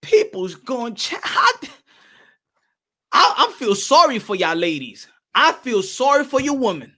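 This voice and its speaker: A man's voice: very high-pitched, very animated, unhurried, sharp tone. A man delivering heated, profane vlog commentary on boxing.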